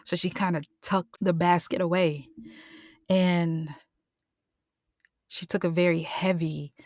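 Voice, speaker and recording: A woman host retelling a Bible story in a casual, expressive way, often dropping into a whisper. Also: lowish voice, slow pace, no echo, studio quality. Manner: expressive, drops into whispers and voices.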